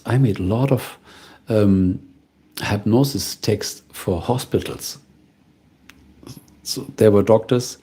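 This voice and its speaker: A middle-aged man, a voiceover artist, talks through viewer comments in a calm, musing, casual live-stream chat. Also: fairly low pitch, husky. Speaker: voiceover artist hosting a livestream.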